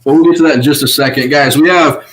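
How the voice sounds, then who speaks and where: A man with a slightly high voice talks in a loose, chatty way as he recaps episodes. He laughs often and jumps into quick impressions of the people he talks about. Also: rough recording. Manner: animated, laughs often, voices quoted contestants. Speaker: podcast co-host. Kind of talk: casual recap chat.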